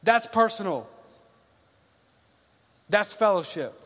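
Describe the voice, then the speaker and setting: A man preaching a sermon, speaking earnestly and conversationally and circling back to repeat his points. His voice sits high for a man. The recording carries a long reverb from a large hall with bleachers. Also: animated, takes it slowly, a bit bright. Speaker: pastor.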